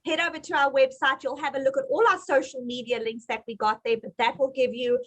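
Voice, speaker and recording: A woman with a South African accent, a guest on a podcast interview, talking in an animated and upbeat way. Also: sits high, fast, low-quality recording. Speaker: entrepreneur guest. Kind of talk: casual interview.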